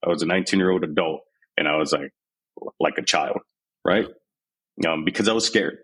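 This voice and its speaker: This army veteran in his forties, from San Antonio, Texas, frankly tells his life story as a podcast guest in a candid storytelling interview. His very deep voice runs a little fast, slightly bright and a bit rough, on poor audio. Unguarded, he retells scenes in quoted voices.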